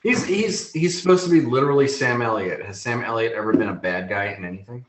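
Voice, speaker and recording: A laid-back man runs a tabletop game, trading jokes with his players and halting now and then as he explains. He sits back from the microphone in a room that rings with echo. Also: medium pitch, a little hiss or hum. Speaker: game master. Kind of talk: running a tabletop game, casual. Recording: echoey room, far from mic.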